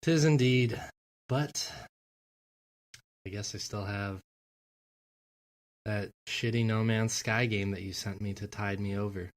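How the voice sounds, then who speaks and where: A man on a casual podcast as a guest, laid-back and deadpan, mostly giving short replies. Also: on the low side, takes it slowly, long pauses.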